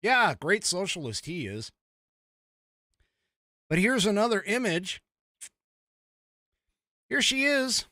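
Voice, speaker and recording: A man's voice: high voice, very animated, slow, long pauses, pushed and bright, no echo. A man in his own podcast, delivering casual political commentary. His voice is raised a little above typical and swings widely, with a rambling, chuckling delivery. The sound is dry and close. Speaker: podcast host.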